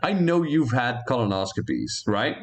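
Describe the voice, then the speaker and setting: Lively, animated male podcast host. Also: moderate pace. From Belgium. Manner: animated, jokey, often jumps up in pitch. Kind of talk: casual chat.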